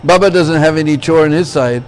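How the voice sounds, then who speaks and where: A man's voice: a little high, brisk, darkish tone, lightly acted. A man voicing a naughty little boy in a told story, pleading and then cheeky. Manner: whiny, pleading.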